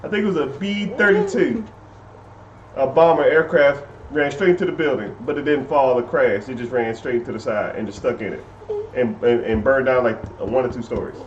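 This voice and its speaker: A man co-hosting a family livestream, chatting casually and rambling through animated, joking stories. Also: medium pitch, moderate pace, reverberant. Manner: animated storyteller, rambling tangents. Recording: distant dull lo-fi mic with background noise.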